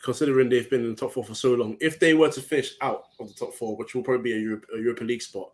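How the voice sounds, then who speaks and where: A man's voice: mid-range voice, rapid-fire. A man from Ghana co-hosting a casual football podcast, leading the talk with questions. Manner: leads the discussion with questions. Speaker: podcast co-host.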